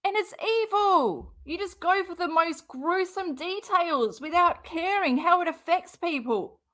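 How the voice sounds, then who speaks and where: A woman with a high voice and a slow, deliberate way of talking gives exasperated, sarcastic commentary. She swears often and has a cold. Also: fairly bright tone. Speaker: reaction streamer. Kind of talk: angry commentary over a clip.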